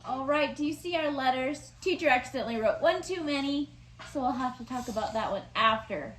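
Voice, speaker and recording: A woman teaching letters and sounds to young children in a slow, sing-song voice with exaggerated sounds. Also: high-pitched, expressive, a crowd in the background. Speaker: preschool teacher. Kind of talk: online lesson for young children. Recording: echoey room with faint noise.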